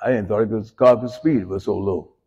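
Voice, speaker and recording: Husky-voiced preacher in a reverberant church. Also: male voice, fairly low pitch, brisk, dull audio. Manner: folksy storytelling preaching, swinging from hushed to shouted. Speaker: pastor. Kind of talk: sermon. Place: church sanctuary. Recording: long church hall reverb.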